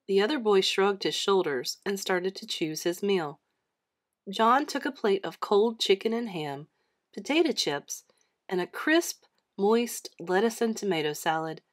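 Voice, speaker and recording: A woman reading a children's chapter book aloud with an expressive storytelling manner. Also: mid-range voice, measured pace.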